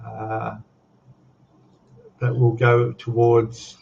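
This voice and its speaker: Older Aussie male stream host, chatty and rambling, mid pitch, slightly dull audio. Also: monotone, extremely slow, vocal fry, a little mellow. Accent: Australian. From Australia. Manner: rambling, chatty, laughs often, reads out chat. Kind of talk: casual live stream chat.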